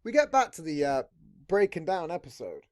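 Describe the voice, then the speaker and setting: This is a man hosting a podcast in loose, casual chat. His pitch jumps up and down a lot as he talks, and he swears bluntly and rambles from one thought to the next. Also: big pitch swings, normal speed, a little mellow. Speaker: podcast host.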